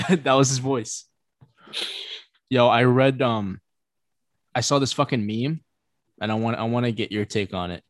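A young man hosts a casual podcast, swearing freely and arguing his opinions with animated energy. His voice sits at a middle pitch and sounds dry and close to the mic. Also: unhurried, pauses often, no echo. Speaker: podcast host. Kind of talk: casual chat.

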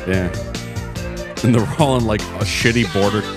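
A man co-hosting a casual podcast chat, joking around with quick puns and wisecracks. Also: fairly low pitch, music in the background. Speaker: podcast co-host.

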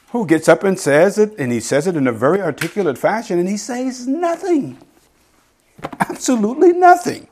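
A middle-aged man preaching a sermon in a conversational teaching style, reading scripture slowly and asking his listeners "right?". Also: sits high, a little mellow. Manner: quotes scripture slowly and deliberately. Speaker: pastor.

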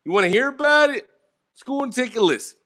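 A man's voice: very high voice, lively intonation, fast, fairly bright tone. A man hosting a show, reacting to podcasts with sarcastic, exasperated, profane commentary. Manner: sarcastic, exasperated, swears a lot.

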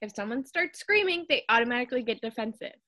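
Chatty young woman host, high voice. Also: lively intonation, quick pace, bright, forceful tone. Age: young adult. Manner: chatty, advice-giving, many fillers. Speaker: podcast host. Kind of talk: casual chat.

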